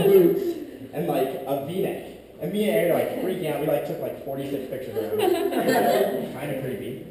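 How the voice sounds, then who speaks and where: A man's voice: fairly high pitch, mellow, a little hiss or hum. A young man giving a youth talk, telling a personal story in a casual, rambling way full of "like". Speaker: youth ministry speaker. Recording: echoey distant room audio. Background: room ambience.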